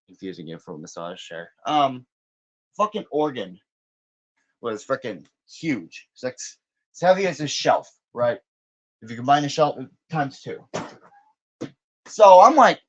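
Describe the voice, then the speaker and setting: A young man with a husky, slightly breathy voice at an ordinary middle pitch talks through a casual vlog as he cleans his room. He rambles, restarts his sentences and swears freely, often dropping to a quiet mutter. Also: lo-fi sound. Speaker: vlogger.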